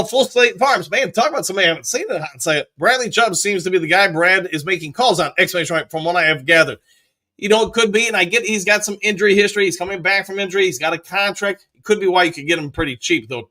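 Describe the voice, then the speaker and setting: Bright-voiced upbeat man reading chat. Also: high voice. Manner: upbeat, rapid shout-outs to chat. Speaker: live stream host reading chat. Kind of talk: casual live chat reading.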